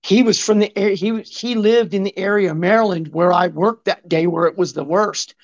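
Brisk and high-pitched, a man in his fifties swears his way through a long, rambling conversational story stuffed with digressions and reported speech. The audio is dull and lo-fi.

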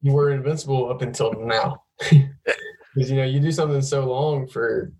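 A young man chats casually, spinning rambling, profane stories. His voice sits at a middling pitch for a man. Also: fairly even intonation, normal speed, a little mellow, slight background noise, low-quality recording. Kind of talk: casual chat.

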